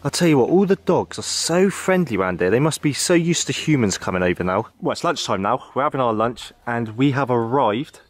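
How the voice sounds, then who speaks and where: A man casually narrating a travel vlog outdoors, chatty, excitable and jokey. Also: mid-range voice, fairly quick, few pauses. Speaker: vlogger exploring abandoned places. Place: outdoors in an abandoned zone.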